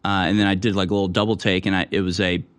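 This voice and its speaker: A man's voice: low voice, flat delivery, rapid-fire, smooth. A man hosting a talk show, talking casually and sarcastically, building to heated rants. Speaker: show host.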